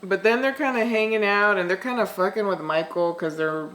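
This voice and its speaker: A woman's voice: medium pitch, fairly quick, fairly bright tone. A woman co-hosting a podcast, casually walking through a film's plot and swearing freely. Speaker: podcast co-host. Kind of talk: casual chat.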